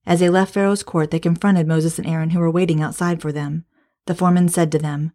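A woman's voice: deep voice, flat delivery, quick pace, mellow. A woman hosting a Bible study podcast, reading scripture and teaching devotionally. She speaks to her listeners as friends and sometimes drops to a whisper for emphasis.

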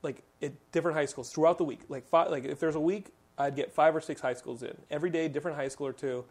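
Man, 30s, from Texas, podcast host, quick rambling delivery, fillers everywhere. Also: on the high side. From Texas, USA. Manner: animated storytelling, rambling and full of fillers. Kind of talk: casual podcast chat.

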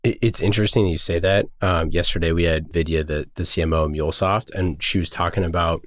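A man's voice: low-pitched, fairly even intonation, fast, dry recording, studio quality. A man hosting a podcast, asking long, casual questions that are full of "like" and "you know". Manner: casual, rambling questions with fillers like "like". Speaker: podcast host. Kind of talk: conversational interview questions.

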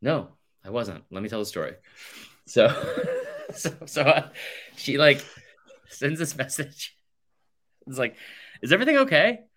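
A man's voice: medium pitch, expressive, slow pace, pauses often, fairly bright tone. A male podcast co-host telling a rambling, sarcastic story in casual chat, saying "like" constantly. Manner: rambling, sarcastic, heavy use of "like".

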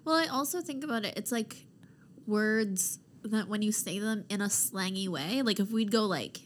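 A young woman co-hosting a casual podcast. She chimes in with quick jokes and says "like" a lot. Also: medium pitch, a little hiss or hum. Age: young adult. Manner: quick quips and lots of "like" fillers. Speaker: podcast co-host. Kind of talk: casual chat.

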